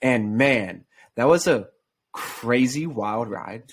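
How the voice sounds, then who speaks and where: A man with an ordinary mid-pitched voice hosting a casual podcast. He talks in a laid-back, buddy-to-buddy way, dropping "dude" and casual swears. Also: lively intonation, takes it slowly, husky. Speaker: podcast host. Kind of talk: casual chat.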